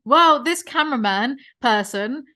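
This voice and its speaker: A woman hosting a casual podcast chat, ranting about online creators in an opinionated, animated way. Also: high voice, measured pace. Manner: ranting, opinionated, self-aware about vocal fry. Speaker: podcast host.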